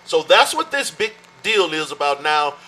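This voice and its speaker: Animated preacher man, bright voice. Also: on the high side, rough recording. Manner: teaching, animated with sudden slow emphatic stretches. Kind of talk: sermon.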